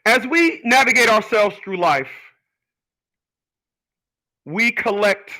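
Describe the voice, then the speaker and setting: A man's voice: high voice, expressive, slow pace, bright, forceful tone, low-quality recording. A man hosting his own show, talking in an emphatic, rambling monologue full of repetitions and stammered restarts. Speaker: radio show host. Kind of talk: casual monologue.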